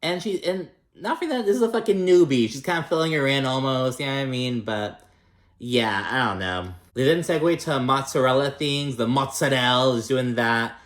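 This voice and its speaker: A man talks through a reality show episode in a loose, gossipy way. He swears freely and drops into mock voices for the people he quotes. His pitch sits in the middle, and the room around him is noticeably echoey. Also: moderate pace, fairly bright tone. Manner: chatty and profane, acts out quotes in mock voices. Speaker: reality TV recap host. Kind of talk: casual recap chat.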